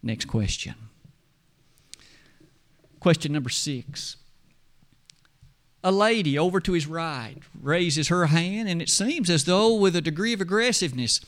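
A man's voice: on the high side, moderate pace, a bit bright. A man preaching a sermon, telling a scene in dramatic storytelling style and reciting scripture.

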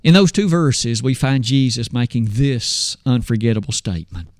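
A man's voice: medium pitch, animated, normal speed, no room sound, studio quality. A man preaching a sermon, posing rhetorical questions and swinging his voice up and down when he quotes scripture.

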